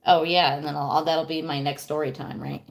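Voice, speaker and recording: A woman's voice: low-pitched, little pitch movement, brisk, gravelly. A woman in her thirties chatting casually on a livestream, telling a rambling, profane story and answering viewers. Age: 30s. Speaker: streamer.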